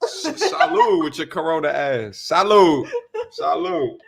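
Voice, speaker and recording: A man co-hosting a live talk stream, giving playful shout-outs and casual banter. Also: a little high, very animated, a little slow, gravelly. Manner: hyped, playful shout-outs, laughing often. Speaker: livestream co-host reading super chats.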